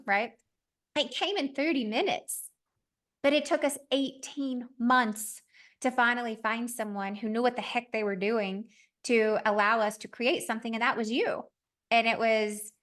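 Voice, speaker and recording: A woman podcast host in her thirties, telling a story in a lively, conversational way and acting out the dialogue. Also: fairly high pitch. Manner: animated, acts out quoted dialogue.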